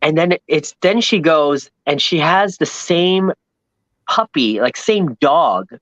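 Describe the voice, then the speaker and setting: A man tells a long story in a loose, rambling way. He acts out every voice he met and sounds thrilled by each coincidence. His voice sits a bit high and comes through a dry, slightly muffled recording. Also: expressive, slow pace, fairly bright tone, no room sound. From New York, Long Island. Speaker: guest. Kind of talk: casual storytelling chat.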